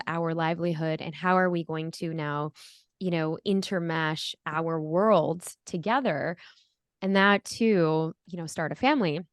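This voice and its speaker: A woman's voice: low voice, smooth, no room sound, studio quality. A woman in her forties telling her own story earnestly as a podcast guest, acting out her past voice at times. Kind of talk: candid interview storytelling.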